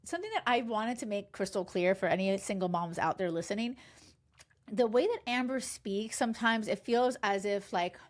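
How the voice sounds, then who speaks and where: A woman dating coach recapping a reality show in casual chat, emphatic and animated, swearing freely and acting out quotes. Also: mid-range voice, normal speed. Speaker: love and dating coach, podcast host.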